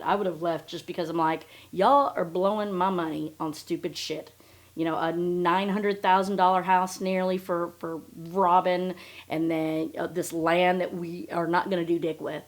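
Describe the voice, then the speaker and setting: A woman hosting a podcast, ranting in a blunt, sarcastic way with lots of swearing. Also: on the low side. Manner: blunt, sarcastic and heavily profane. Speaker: podcast host. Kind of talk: casual ranting podcast commentary.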